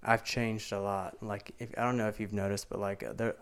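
A man's voice: on the low side, little pitch movement, brisk, hardly any pauses, clear, resonant tone. A man in his twenties from Mississippi with a Southern accent, chatting bluntly and casually as a podcast co-host. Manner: laid-back, blunt, swears freely.

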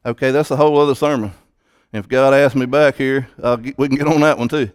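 A man's voice: mid-range voice, fairly quick, smooth, no room sound, clean studio sound. A man preaching a sermon, emphatic and impassioned, often repeating words.

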